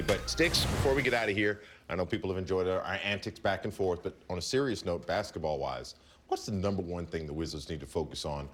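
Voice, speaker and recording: Male studio sports host, lively swooping delivery, music bed under him. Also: fairly low pitch. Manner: lively, animated, playful banter. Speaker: TV basketball postgame host. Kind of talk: upbeat studio sports talk.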